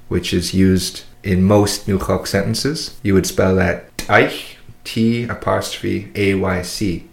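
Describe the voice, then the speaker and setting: A man teaching pronunciation of his language's alphabet, modelling each sound slowly and patiently for a learner to repeat. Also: sits low. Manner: slow, careful, demonstrates sounds for repetition. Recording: echoey room.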